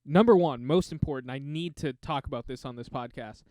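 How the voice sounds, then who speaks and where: A young man co-hosting a casual podcast chat, animated and laughing often, slipping into quick impressions. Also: medium pitch, no echo, clean studio sound. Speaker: podcast co-host.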